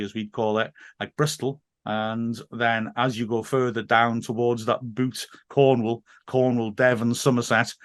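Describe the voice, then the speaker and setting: Podcast guest: english man, mid-pitch, chatty and rambling, dry close sound. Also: no room sound. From England. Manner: chatty, digressive, laughs often. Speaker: teacher and football guest. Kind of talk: casual podcast chat.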